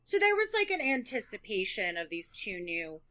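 Woman podcast co-host, bright tone, eager and gushing in casual talk. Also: mid-range voice, very animated, moderate pace. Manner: enthusiastic, gushing. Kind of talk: casual chat.

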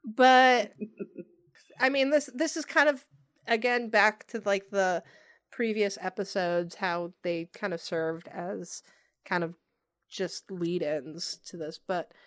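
A woman's voice: medium pitch, takes it slowly, a bit bright, dry recording. Woman podcast co-host, casual and thoughtful, hedges a lot; dry close sound. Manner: thoughtful, hedging with fillers. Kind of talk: casual discussion of a TV episode.

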